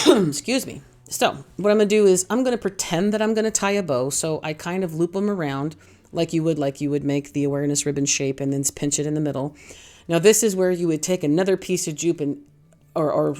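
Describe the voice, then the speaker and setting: A middle-aged woman with a notably low voice narrates a craft tutorial over faint background music. She rambles cheerfully through her steps and pokes fun at herself as she goes. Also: fast, warm tone. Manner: chatty, rambling, self-deprecating. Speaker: craft channel host.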